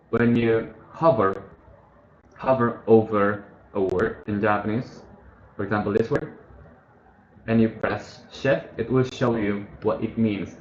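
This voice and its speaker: A man casually walking through a study app on screen, thinking aloud and correcting himself as he goes. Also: lowish voice. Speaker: tutorial host. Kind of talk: casual screen-share tutorial. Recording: muffled, echoey room with faint hiss.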